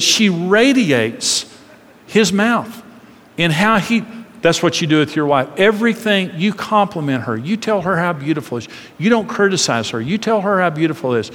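A middle-aged man with a fairly high voice speaks in a sermon-style marriage talk. He is animated and acts out little voices in his stories. The sound carries a long reverb from a large hall.

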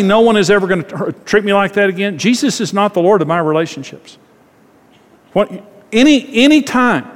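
Pastor preaching in a reverberant church. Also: male voice, high voice. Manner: conversational, acts out quoted voices, repeats phrases. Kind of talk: sermon.

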